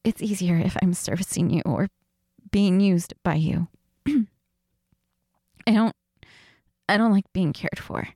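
A woman voicing a submissive, flustered young housewife in an adult audio role-play, breathy and pleading. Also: on the low side, takes it slowly, long pauses, warm tone, no room sound, clean studio sound.

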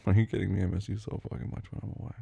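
Gravelly, husky man in intimate role-play. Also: steady tone, rapid-fire, dry recording. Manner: low murmuring, teasing, often breathy and moaning; drifts into soft whispers. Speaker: audio role-play performer.

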